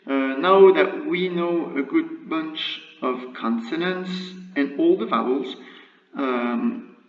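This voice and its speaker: A man teaching Arabic letters in a recorded lesson, patiently drilling syllables one by one with frequent pauses and uhs. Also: fairly high pitch. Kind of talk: screen-recorded language lesson. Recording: echoey, distant, dull lo-fi room mic.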